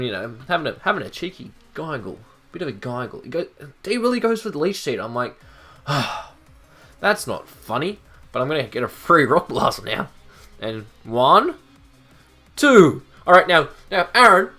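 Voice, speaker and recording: A man giving casual commentary on his own competitive game, animated and acting out his own reactions, with background music. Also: mid-range voice.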